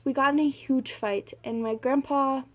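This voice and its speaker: A young woman telling a personal story in a halting, casual way, full of fillers and restarts. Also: high voice, fairly even intonation. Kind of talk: personal story told to camera.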